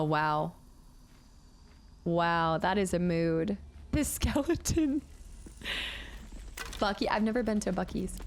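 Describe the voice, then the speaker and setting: A woman's voice: mid-range voice, slight background noise. A woman in her late twenties chatting casually on a gaming livestream, talking with her chat and laughing often. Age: late 20s. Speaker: streamer.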